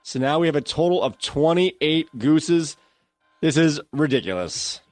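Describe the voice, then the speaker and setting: A man co-hosting a casual podcast, excitable and quick to break into loud, fired-up rants. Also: fairly high pitch, no room sound. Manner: excitable, prone to loud ranting. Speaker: podcast co-host.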